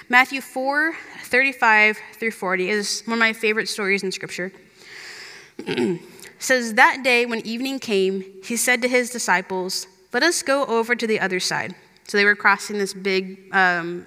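A woman's voice: medium pitch, bright, forceful tone. A young woman giving a chatty, earnest sermon as a youth minister, full of "like" and "you know". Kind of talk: conversational sermon. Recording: long hall reverb.

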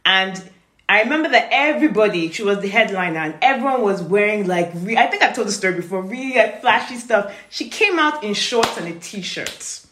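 A woman's voice: mid-range voice, lively intonation, fairly quick, fairly bright tone. Woman gushing in a casual podcast chat, echoey room, keeps restarting sentences. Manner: enthusiastic, trails off and restarts. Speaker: podcast co-host. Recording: roomy echo.

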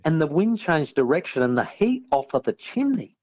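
A man's voice: a little high, very animated, moderate pace, darkish tone, dull audio. An Australian man, a podcast guest, telling a story and acting out the voices of the people in it. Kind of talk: storytelling anecdote.

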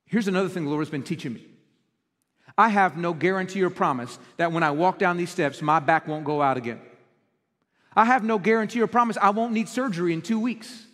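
A pastor with a high-pitched voice preaches straight to his congregation. He is earnest and questioning, and his words ring out through a long, echoing church hall. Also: fairly bright tone. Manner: earnest, direct address to the congregation with rhetorical questions. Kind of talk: sermon. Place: church auditorium.

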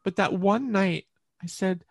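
A woman's voice: mid-range voice, measured pace, gravelly, slightly rough, no room sound. A woman interview guest earnestly telling a personal story, often repeating words as she recalls.

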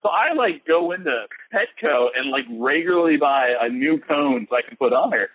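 Excitable husky co-host telling stories. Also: male voice, fairly high pitch, moderate pace, dry recording, poor audio. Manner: excitable storyteller, laughing often. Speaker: podcast co-host. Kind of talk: casual podcast chat.

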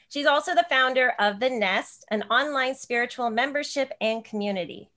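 A woman's voice: fairly high pitch, fairly bright tone. A woman from New Jersey hosting a podcast, effusive and bubbly, rambling through restarts in casual interview chat. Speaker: podcast host.

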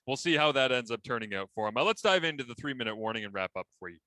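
A man's voice: mid-range voice, lively intonation, very fast, heavy background noise. A man hosting a sports talk show, chatting casually and telling stories with a laugh.

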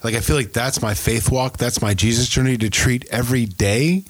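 A man's voice: mid-range voice, brisk. A man co-hosting a faith conversation, chatty and full of "like" and "I feel like". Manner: chatty, with many "like" and "I feel like" fillers. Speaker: podcast co-host.

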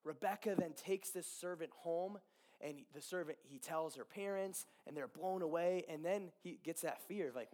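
A young man telling a Bible story in a casual, animated sermon, with fillers, asides and quick acted-out dialogue. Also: on the high side.

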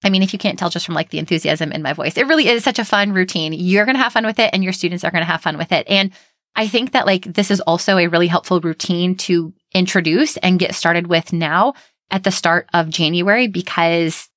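A woman's voice: fairly low pitch, a little fast, fairly bright tone, dry recording, clean studio sound. A young adult woman hosting a teaching podcast in an upbeat, encouraging way, often dropping "like" and "you know" between her thoughts. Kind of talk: solo podcast monologue.

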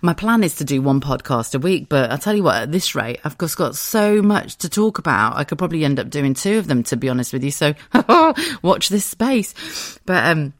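A woman's voice: sits low, fast, few pauses, dry recording, studio quality. Chatty, giggly English woman podcaster. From southern England. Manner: chatty, giggly, animated storytelling. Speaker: podcast host. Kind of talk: casual chat.

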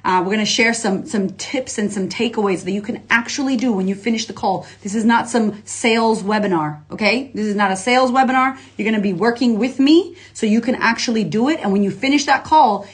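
A woman life coach on a casual livestream, talking to followers in an energetic, slangy, profane way and reading out viewer comments. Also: fairly high pitch, fairly quick, hardly any pauses.

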